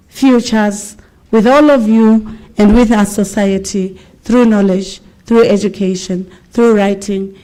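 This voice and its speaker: A woman ending a formal, prepared welcome address at a university event in a function hall. Her delivery is measured. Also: medium pitch, dark tone. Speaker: speaker giving a welcome address.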